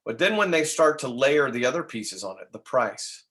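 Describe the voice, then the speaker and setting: A man giving an energetic real estate sales training talk, tossing in tag questions and quick laughs as he goes. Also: mid-range voice. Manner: energetic, acts out dialogue in quick asides.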